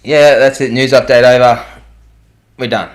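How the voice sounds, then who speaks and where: A man's voice: mid-range voice, fairly even intonation, moderate pace. A man co-hosting a podcast, reading out odd news in a dry, teasing way with hesitant fillers. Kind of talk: casual chat.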